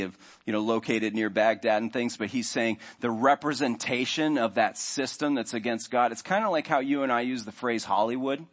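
A man preaching a sermon in a conversational way, now and then acting out the inner voices of his listeners. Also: lowish voice. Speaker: pastor.

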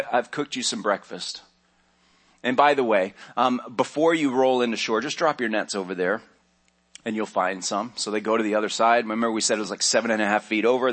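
A pastor with a mid-range, somewhat bright voice delivers a sermon, captured as church audio. He keeps things easygoing and chatty, sometimes voicing the characters in his story.

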